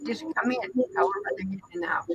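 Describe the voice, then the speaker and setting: A woman's voice: sits high, lively intonation, rapid-fire, creaky, a bit bright, highs cut off, a little hiss or hum. A woman in a sewing circle, chatting casually and making short, matter-of-fact remarks. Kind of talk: casual chat.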